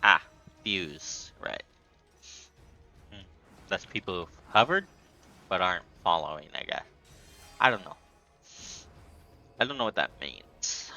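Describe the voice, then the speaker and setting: A man's voice: sits low, animated, takes it slowly, long pauses, bright, forceful tone, soft background music. A man streaming a game live, playfully taunting enemies and chatting to viewers. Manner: playful, talks to enemies and chat.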